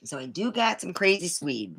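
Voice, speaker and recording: Indignant rambling woman, bright-toned. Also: fairly low pitch, sing-song, moderate pace, creaky, slightly rough. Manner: rambling, indignant, swears freely. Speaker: vlogger. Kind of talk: casual monologue to camera.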